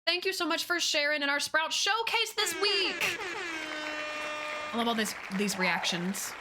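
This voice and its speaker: A woman's voice: measured pace, over music. A young woman, chatting casually with viewers on a live stream, bubbly and gushing. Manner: bubbly, gushing, swoops up high when excited.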